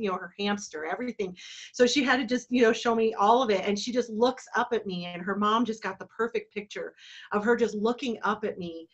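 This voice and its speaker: Warm-hearted, teary woman in her forties from Colorado: emotional storytelling with restarts, over a dull, muffled video-call line. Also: mid-range voice. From Colorado, USA. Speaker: entertainment company owner. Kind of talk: reflective storytelling in a virtual talk.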